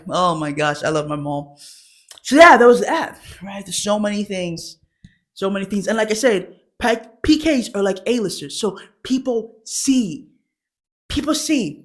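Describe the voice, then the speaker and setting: A woman hosts a comedy show, telling a chatty, self-mocking story. She breaks into laughter often and keeps a loose, conversational flow. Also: medium pitch. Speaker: host. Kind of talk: comic storytelling.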